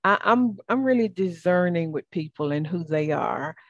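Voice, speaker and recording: Southern woman host, encouraging and effusive, low register, close dry sound. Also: lively intonation, normal speed, no echo, highs cut off. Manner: warm, affirming, churchy phrasing. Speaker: podcast host. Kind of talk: interview.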